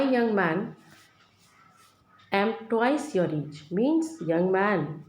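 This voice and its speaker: A woman's voice: on the low side, mellow. A woman teacher going through a play line by line, reading each line and then paraphrasing it in plain words. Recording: echoey room with faint noise.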